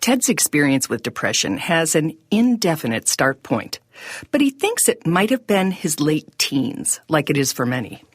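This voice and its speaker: A woman, the podcast host, giving measured, reflective scripted narration. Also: deep voice, big pitch swings, slightly rough, no echo, clean studio sound.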